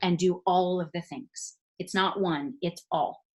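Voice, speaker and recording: A woman giving an emphatic motivational talk on a video call, swinging from loud to hushed. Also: on the low side, fairly even intonation, unhurried, husky. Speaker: network marketing leader speaking on a call.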